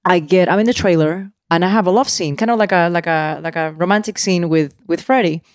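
A woman in her forties, an actress guest telling a personal story candidly, animated and full of restarts and asides. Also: fairly low pitch, fairly quick, no echo, clean studio sound. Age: 40s.

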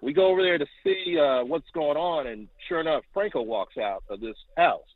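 A man calling in to tell a long story, animated and acting out quotes, heard over the phone. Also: moderate pace, no room sound. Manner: animated, acts out quotes with rising pitch. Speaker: caller. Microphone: telephone. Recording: tinny phone line.

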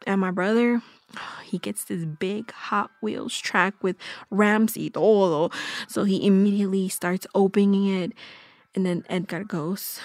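A woman narrating a first-person horror audio drama, telling it breathlessly with halting restarts. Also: mid-range voice, steady tone, darkish tone, dry recording, natural voice. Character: young woman recalling a family horror.

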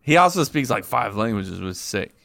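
Man co-host, casual banter, lively pitch swings, bright and dry. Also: brisk, creaky, no echo. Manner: animated, swears a lot, voice jumps up high when arguing. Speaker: podcast co-host. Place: Central Florida.

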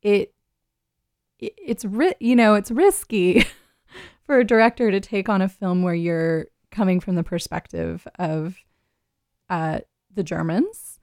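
Brief: woman radio host, chatty and rambling, some vocal fry, dry close sound. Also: medium pitch, a little slow, darkish tone, no room sound. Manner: chatty, rambling, laughs often. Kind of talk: casual radio chat.

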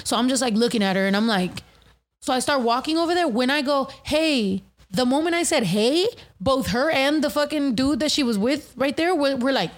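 A young woman with a slightly high voice tells a story on a casual talk show. She rants fast and profanely, jumping into dramatic reenactments of what people said. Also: animated.

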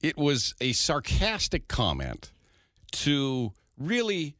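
A male radio co-host bantering with his team, mocking his own rash promises. His pitch swings widely as he talks, and the sound is close and dry, with no room around it. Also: takes it slowly, dry recording. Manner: self-mocking, swings to excited outbursts.

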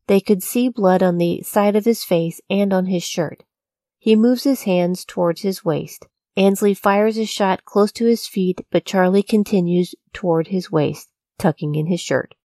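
A woman narrating a true-crime story from a script, in a measured, even storytelling delivery. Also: mid-range voice, no room sound, studio quality. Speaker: podcast narrator.

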